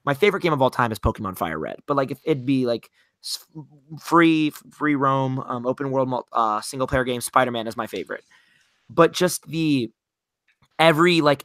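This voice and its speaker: A man's voice: medium pitch, a bit bright, no echo. Earnest, hesitant man, dry sound. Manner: hesitant, many fillers and restarts, earnest. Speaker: podcast co-host. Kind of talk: casual chat about video games.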